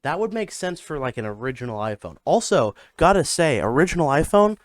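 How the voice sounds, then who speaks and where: A man's voice: fairly high pitch, big pitch swings, a little fast, no echo, studio quality. A young man co-hosting a podcast, talking in a rambling, casual way with many fillers and restarts. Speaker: podcast co-host. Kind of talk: casual chat.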